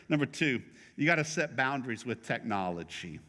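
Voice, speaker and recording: A man's voice: medium pitch, brisk, pushed and bright, in a large hall. A middle-aged male pastor preaching a sermon in a conversational, joking way, teasing his congregation.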